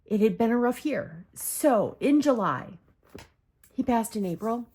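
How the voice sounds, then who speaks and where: A woman's voice: fairly high pitch, animated, measured pace, mellow, breathy edge. A woman vlogging casually about her journals, rambling and correcting herself as she talks, close to tears. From Michigan, USA. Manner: rambling, self-correcting, many fillers. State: holding back tears. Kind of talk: casual personal talk.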